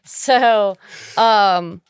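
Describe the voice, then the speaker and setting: Smooth-voiced woman recapping a movie plot. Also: medium pitch, very slow, dry recording. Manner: laid-back plot recapping, dry teasing asides. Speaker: podcast co-host. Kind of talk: casual movie-review chat.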